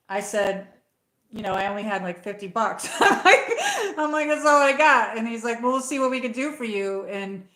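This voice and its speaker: A woman livestreams casually from home, telling a story full of fillers and restarts in a fairly bright mid-range voice. She's recorded on a tablet in an echoey room.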